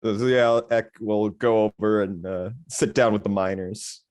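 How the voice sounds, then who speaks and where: Man, tabletop player, hesitant, halting, dry close sound. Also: lowish voice, fairly even intonation, darkish tone, no echo. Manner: hesitant, many fillers. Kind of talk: casual tabletop play.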